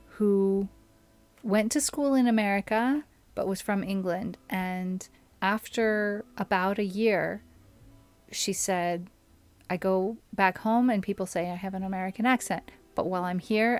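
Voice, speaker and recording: A young adult woman streaming a game, chatting casually and musing aloud while answering her chat. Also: medium pitch.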